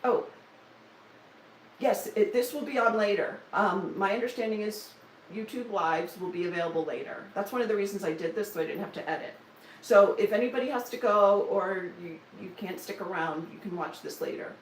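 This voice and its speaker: Chatty woman in her sixties, lively voice. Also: mid-range voice, reverberant, far from the mic, slight background noise, low-quality recording. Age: 60s. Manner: chatty, self-deprecating, jokey asides. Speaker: stitching vlogger. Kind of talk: casual live-stream chat.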